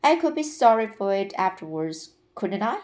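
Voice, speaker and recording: A woman reading aloud and voicing a lively, curious little boy who asks questions insistently. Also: medium pitch, normal speed, natural voice. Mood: eager.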